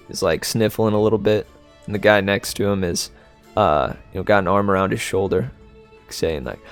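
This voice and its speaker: A man narrating a tabletop game as game master, relaxed and hesitant with many fillers. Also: deep voice, moderate pace, soft background music.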